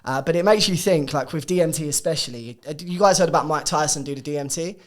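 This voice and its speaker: A man's voice: on the high side, fast, crowd noise. Laid-back slangy male co-host. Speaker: podcast co-host. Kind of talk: casual chat.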